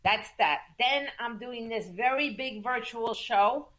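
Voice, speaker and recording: A woman guest in a casual interview, telling music business stories in an animated, emphatic way, repeating words for stress and cursing casually. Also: on the high side, slow pace. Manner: acts out quoted voices in lively storytelling. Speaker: music manager and entertainment attorney, guest.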